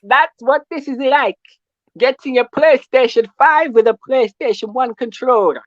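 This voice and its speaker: A man's voice: very high-pitched, a little slow, dry recording. Ranting male caller, dull lo-fi line. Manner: loud ranting, keeps asking "yeah?". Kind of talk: call-in football rant.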